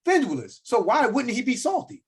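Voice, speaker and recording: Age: adult. Sex: man. Style: animated slangy podcast rant, lively pitch, slightly husky. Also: brisk. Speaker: podcast co-host. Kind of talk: casual chat.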